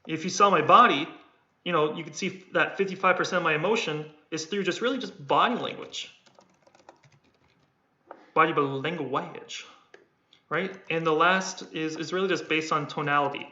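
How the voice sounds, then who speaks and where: A man's voice: fairly high pitch, moderate pace, pushed and bright. A man coaching on sales in a casual livestream, rambling and repeating words while he acts out tones of voice, with keyboard typing behind him. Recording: echoey room, dull lo-fi sound.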